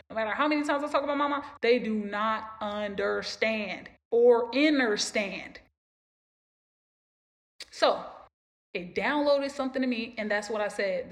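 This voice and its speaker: A woman hosting a podcast, talking about her own life in an emphatic, repetitive way and preaching encouragement to listeners. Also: medium pitch. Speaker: podcast host. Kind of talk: personal motivational talk.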